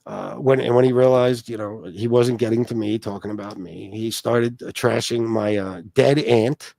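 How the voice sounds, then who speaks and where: A man's voice: on the low side, steady tone, moderate pace, vocal fry, darkish tone, no room sound. A man hosting a casual livestream who reads chat aloud and rambles with plenty of profanity. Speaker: livestream host.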